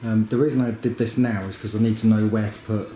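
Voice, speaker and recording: A man's voice: on the low side, fairly even intonation, fast, mellow. Practical man narrating a bathroom build. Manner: plain, practical, chatty with fillers. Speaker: woodworking vlogger. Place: house under renovation, indoors. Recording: echoey room with noise.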